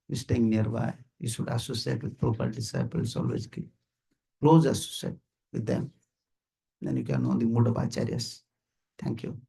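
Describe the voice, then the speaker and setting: A man with an Indian accent preaches informally to a small gathering in a house, with a gravelly and somewhat husky voice. He repeats key phrases for emphasis and keeps asking his listeners whether they understand. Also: medium pitch, warm tone. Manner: repetitive, emphatic, asks listeners "you understand?", chuckles often. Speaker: visiting swami giving a talk. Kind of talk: informal sermon to a small group.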